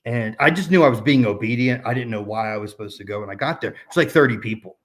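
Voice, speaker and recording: A man's voice: mid-range voice, quick pace. A man in his thirties telling a personal story in a casual chat, rambling with many fillers and restarts. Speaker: podcast guest.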